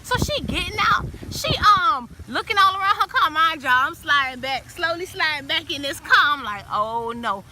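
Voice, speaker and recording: A woman telling a story in a casual, animated way, acting out the lines of the people in it. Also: very high voice, normal speed, few pauses, background noise. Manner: animated, acts out friends' quoted lines.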